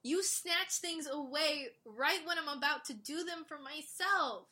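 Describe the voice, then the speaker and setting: A woman casually recapping a drama series, animated and quick, acting out the characters' lines. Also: sits high. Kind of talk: casual chat.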